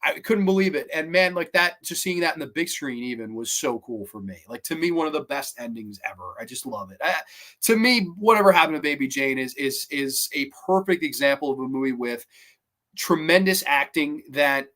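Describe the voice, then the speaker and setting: A man's voice: on the high side, lively intonation, a little fast, bright, forceful tone. A man hosting a show, giving a casual, enthusiastic, rambling film review. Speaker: podcast host.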